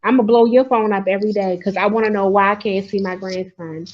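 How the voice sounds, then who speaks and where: A woman's voice: medium pitch, fairly even intonation, quick pace, muffled recording. A grandmother from Maryland calling in to a talk show, telling her story in a frustrated, insistent way. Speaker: caller. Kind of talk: call-in talk.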